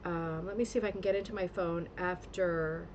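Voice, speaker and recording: Her voice is on the low side and steady, at a normal speed, with the highs cut off and slight background noise. She hosts a rug hooking club livestream, a casual show-and-tell from a home studio with a green screen, full of gushing praise and rambling fillers.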